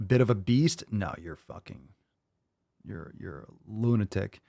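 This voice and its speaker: A man's voice: on the low side, measured pace, creaky, noisy background. A man hosting a show, reacting to video clips with blunt, profane, mocking commentary.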